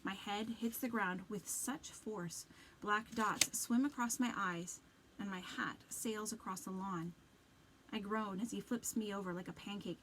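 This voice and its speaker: A woman's voice: mid-range voice, unhurried, noisy background. Woman reading a children's book aloud. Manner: dramatic, expressive narration.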